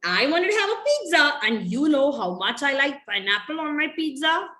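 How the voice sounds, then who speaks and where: A woman's voice: sits high, very animated, normal speed, sharp tone, roomy sound, heavily acted. A woman voicing a little boy puppet who tells of his bad day in a sulky, childlike way. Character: little boy puppet, grumpy then cheerful.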